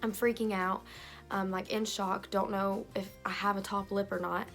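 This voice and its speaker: A woman's voice: mid-range voice, moderate pace, vocal fry. Young female vlogger, chatty storytime delivery, phone mic, faint background music. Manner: fillers and lively retelling with quoted voices. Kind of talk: storytime vlog.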